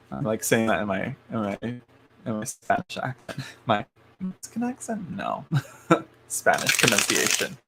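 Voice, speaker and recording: A man's voice: mid-range voice, background noise. A man hosting a live tarot reading stream, rambling along with lots of fillers and restarts and frequent chuckles.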